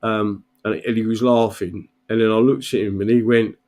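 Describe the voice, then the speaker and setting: A man's voice: on the low side, fairly even intonation, normal speed, a little mellow. Rambling older man. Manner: rambling, swears, tags lines with "right?". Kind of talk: casual storytelling chat.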